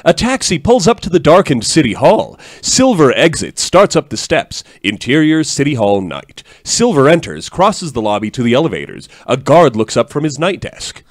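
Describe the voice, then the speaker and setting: A man narrates the stage directions in a live script read, now and then breaking off for joking asides. His pitch moves a lot. The recording is close and dry. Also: sing-song, normal speed, few pauses, no echo.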